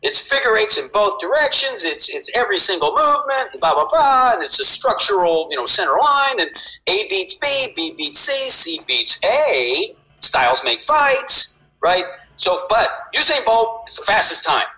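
A man's voice: sits high, normal speed, low-quality recording. A man on a podcast as a guest, explaining movement with lots of emphasis, swearing and tag questions. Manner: animated, emphatic, swears, repeats "right?". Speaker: guest, fitness inventor.

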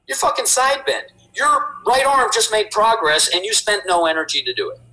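A man's voice: sits high, normal speed, rough recording. A man on a podcast as a guest, explaining movement with lots of emphasis, swearing and tag questions. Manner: animated, emphatic, swears, repeats "right?". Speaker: guest, fitness inventor.

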